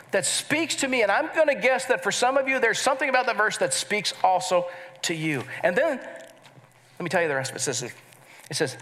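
A middle-aged pastor preaching with earnest warmth, leading his congregation in call-and-response. His voice sits a little higher than most men's. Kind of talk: sermon.

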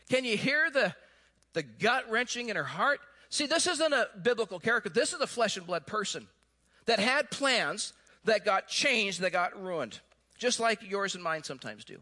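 A male pastor delivering a sermon in a high, bright, ringing voice. He tells the story in an animated way with playful asides, then drops into quiet, earnest reflection. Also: moderate pace.

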